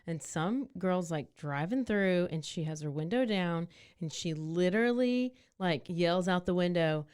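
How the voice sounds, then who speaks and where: A woman co-hosting a podcast, chatting casually and telling animated stories with laughs. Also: fairly low pitch, a little slow, hardly any pauses, clear, resonant tone. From Texas. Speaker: podcast co-host. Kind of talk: casual chat.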